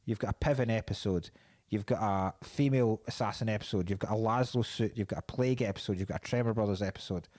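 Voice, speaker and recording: A man's voice: fairly low pitch, fast talker, darkish tone. A man co-hosting a podcast, chatting casually and enthusiastically about a film, swearing freely and restarting his sentences. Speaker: podcast co-host.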